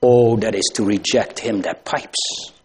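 A man preaching a sermon, asking rhetorical questions and swinging from loud emphasis to hushed tones. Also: fairly low pitch, steady tone, unhurried, a little hiss or hum.

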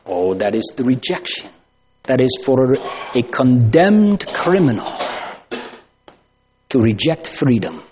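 A man preaching a sermon, asking rhetorical questions and swinging from loud emphasis to hushed tones. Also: medium pitch, lively intonation, slow, pauses often, a little hiss or hum.

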